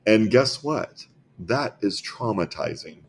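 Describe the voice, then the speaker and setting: A man with a very low voice and faint hiss behind him tells patient stories as a guest. He is earnest and often repeats a word before going on. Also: animated, slow, creaky. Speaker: health clinic founder, interview guest. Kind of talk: storytelling in a podcast interview.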